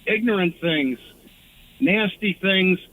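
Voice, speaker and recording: A male caller on a radio show, speaking haltingly with many pauses and restarts. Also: high-pitched. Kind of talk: call-in talk radio. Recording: phone line.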